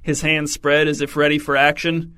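A man narrating a comic story in a wry, deadpan way. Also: a little high, normal speed, clean tone. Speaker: audiobook narrator.

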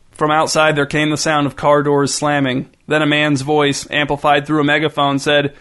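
A man narrating a short story in an even, dry reading style. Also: a little high, moderate pace, few pauses.

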